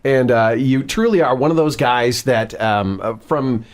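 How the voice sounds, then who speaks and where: A man's voice: mid-range voice, animated, a little slow. A man co-hosting a podcast, talking casually and rambling through his thoughts. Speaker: podcast co-host.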